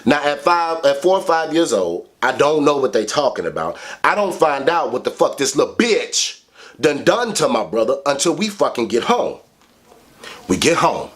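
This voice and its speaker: Animated, cussing male storyteller. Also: moderate pace. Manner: animated, profane, heavy swearing; big swings in pitch for emphasis. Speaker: vlogger. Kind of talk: casual storytelling.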